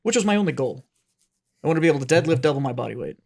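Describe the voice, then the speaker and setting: A man's voice: fairly high pitch, expressive, very fast, vocal fry, a little mellow, breathy edge. Rambling, profane male podcast co-host. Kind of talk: casual chat.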